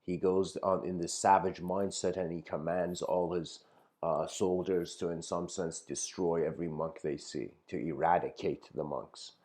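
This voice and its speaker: Male spiritual teacher, lowish voice, relaxed storytelling lecture full of fillers. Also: moderate pace. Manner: conversational, many "you know" fillers.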